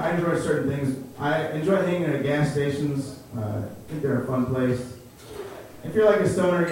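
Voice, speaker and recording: With a medium-pitched, darkish voice, a young man from Chicago does a stand-up set on a comedy club stage. He tells stories laid-back and laughs at his own jokes, recorded in a roomy, distant way.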